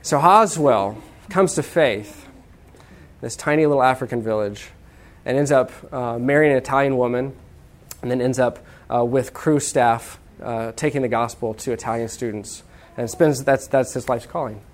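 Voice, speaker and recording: A man's voice: mid-range voice, normal speed. A man preaching a sermon in a conversational, humorous way, with asides and restarts. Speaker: pastor.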